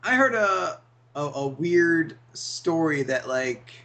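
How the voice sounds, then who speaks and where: A man in casual podcast chat who swears often and rambles when he is excited. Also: fairly high pitch, slow. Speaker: podcast co-host.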